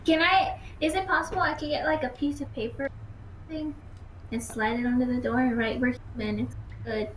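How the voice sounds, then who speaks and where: Brief: tentative woman player, high voice, roomy recording. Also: brisk, a bit bright, a little hiss or hum. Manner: hesitant, asking questions. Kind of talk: casual chat.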